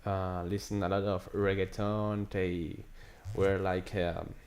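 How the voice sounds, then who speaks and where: Man, Chilean Spanish accent, native Spanish speaker, low voice, halting English, video chat. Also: flat delivery, darkish tone. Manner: hesitant, searching for English words. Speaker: language exchange partner. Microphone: video call.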